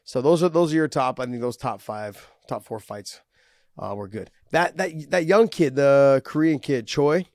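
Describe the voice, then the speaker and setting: A man's voice: medium pitch, moderate pace, darkish tone, no echo. A man hosting a podcast in casual chat, easygoing and rambling, swearing freely. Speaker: podcast host.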